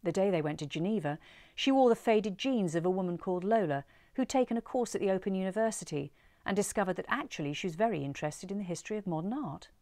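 A woman reading a story aloud in an expressive, measured way. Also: medium pitch, no echo, clean studio sound.

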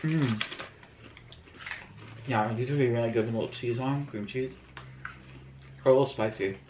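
Very low-voiced woman hosting a tasting. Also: normal speed, darkish tone. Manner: enthusiastic, reads out labels. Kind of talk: casual snack-tasting chat. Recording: echoey room with faint noise.

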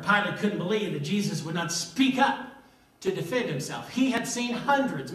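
An older male pastor preaches a sermon in a church sanctuary, his fairly high, slightly bright voice emphatic as he repeats key lines. It's recorded from a distance in an echoey church.

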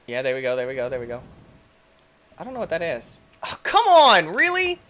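A young man giving excitable let's-play commentary as a gaming YouTuber, yelping and shrieking when things go wrong. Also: mid-range voice, fast talker. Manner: excitable, yelps and shrieks at in-game deaths.

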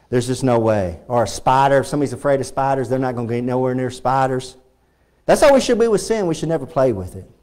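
This pastor, a man with a Texan accent, delivers a fervent sermon in a church sanctuary. He keeps repeating his points and builds to emphatic peaks, his medium-pitched voice sounding a little mellow.

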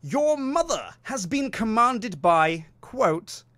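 A man putting on a grand, ominous storyteller voice, declaiming slowly and theatrically. The tone is bright and raised, in a dry close sound. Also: sits high, very animated, no echo, pitched above the performer's own voice, full character voice.

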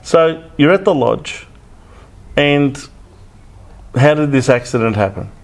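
A man's voice: mid-range voice, takes it slowly. A man hosting a casual chat, prompting his guest with questions and chuckling along. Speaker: podcast host.

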